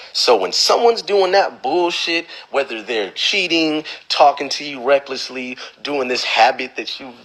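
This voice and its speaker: A man on a livestream giving blunt, profane advice, lecturing the viewer and mocking others in a whiny high voice. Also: a bit bright, low-quality recording. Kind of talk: instagram live rant. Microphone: phone.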